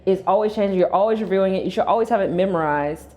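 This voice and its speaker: A woman's voice: mid-range voice, fast talker, darkish tone. A woman hosting a casual conversation, giving business advice emphatically. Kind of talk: casual chat.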